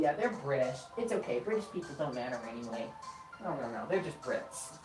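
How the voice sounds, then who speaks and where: A young adult woman giving casual let's-play commentary, playful and teasing, swinging fast between moods. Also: rumbling low, lively intonation, music in the background. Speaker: gaming streamer.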